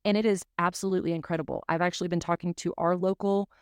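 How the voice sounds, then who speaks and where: A woman's voice: fairly low pitch, fairly even intonation, fast talker, smooth, dry recording, studio quality. A woman from South Mississippi, hosting a podcast in an earnest, emotional, enthusiastic way. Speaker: podcast host. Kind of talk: casual podcast chat.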